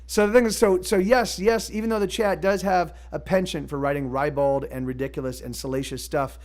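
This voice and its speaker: High-voiced man rambling hesitantly. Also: fairly even intonation, a little fast, darkish tone. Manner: rambling and hesitant, full of fillers and restarts. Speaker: musician streaming live. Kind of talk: casual chat between songs.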